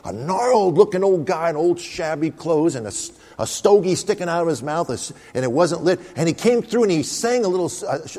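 A man preaches with a lively, swooping delivery and a slightly higher voice than most men. He tells stories with emphasis and calls for amens. His voice rings with the long reverb of a church hall. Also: fairly quick, few pauses. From United States. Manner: emphatic, storytelling, calls out Amen. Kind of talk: sermon.

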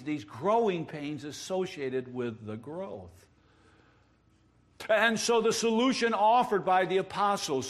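High-voiced man preaching a sermon. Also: fairly bright tone. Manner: earnest, explanatory preaching with emphatic rises; self-described wordsmith, plays with words. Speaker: pastor.

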